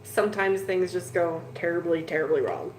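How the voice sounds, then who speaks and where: A woman's voice: on the low side, moderate pace. A woman hosting a casual fish-keeping live stream from a home room full of tanks, rambling along to her viewers with plenty of "like" and "dude". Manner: rambling and chatty, with lots of "like" and "dude". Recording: echoey room with faint noise.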